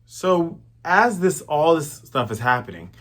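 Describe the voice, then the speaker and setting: A man's voice: a little high, sing-song, unhurried, a bit bright. A man in his thirties hosting a manga review, chatty and slangy in casual commentary. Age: 30s.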